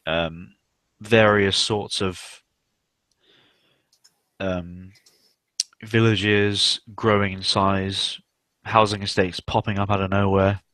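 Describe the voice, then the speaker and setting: Low-voiced, rambling, sweary young man. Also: level tone, slow pace, long pauses, a bit bright, no echo. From South West England. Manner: rambling and sweary, many fillers. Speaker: stream host. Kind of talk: casual livestream chat.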